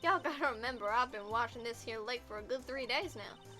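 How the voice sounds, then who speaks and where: A woman's voice: fairly high pitch, fairly quick, soft background music. A woman putting on a brash Southern drawl. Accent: American Southern drawl, put on. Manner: folksy, loud, boastful.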